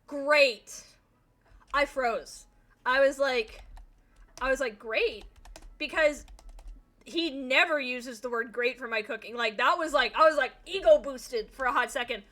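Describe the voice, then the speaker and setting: A young woman streams and chats casually, her voice bright and a little high. She rambles through a story, packing it with fillers and the odd swear word. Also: moderate pace. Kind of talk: casual chat while streaming a game.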